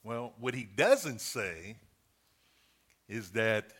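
A middle-aged man delivers a sermon in an earnest, conversational way. He counts through his points and repeats each key phrase for emphasis. His voice sits in an ordinary middle pitch. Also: expressive, normal speed, fairly bright tone. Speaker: preacher.

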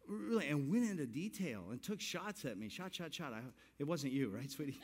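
A pastor in his sixties telling a self-mocking story in a sermon, animated and laughing through his lines. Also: on the high side, normal speed. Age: 60s.

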